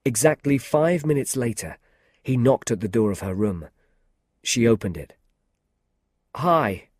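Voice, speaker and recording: A man narrating a story for English learners in a slow, clear, scripted manner. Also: medium pitch, animated, dark tone, dry recording, clean studio sound.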